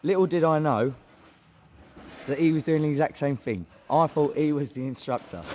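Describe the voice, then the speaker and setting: A man's voice: on the high side, moderate pace, darkish tone, a little hiss or hum. A young English man with a Hertfordshire accent, a mixed martial arts fighter telling a laddish, swearing story of how he started training in a casual interview. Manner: chatty, swearing, laddish banter, acts out quoted voices. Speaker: guest, MMA fighter.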